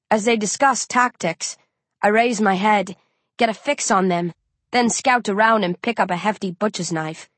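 A woman's voice: mid-range voice, moderate pace, dry recording. Woman, audiobook narrator, first-person tense narration, dry close-miked sound.

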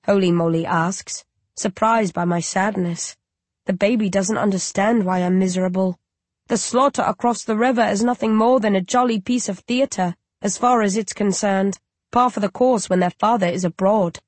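A woman narrating an audiobook in first person, in a measured, reflective storytelling manner, close to the mic. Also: medium pitch, a little mellow, no room sound.

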